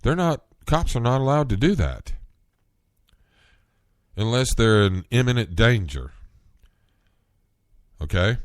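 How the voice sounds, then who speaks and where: A man hosting a solo podcast, talking in an earnest, rambling way, getting worked up and rising in pitch at times. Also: big pitch swings, slow pace, pauses often, dry recording, clean studio sound. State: coughing, clearing throat. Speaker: podcast host.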